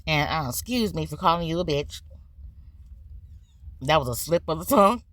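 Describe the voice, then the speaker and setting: A woman's voice: deep voice, animated, moderate pace, a bit bright, dry recording. A woman hosting a commentary channel, ranting bluntly and profanely about online drama, stretching words for emphasis.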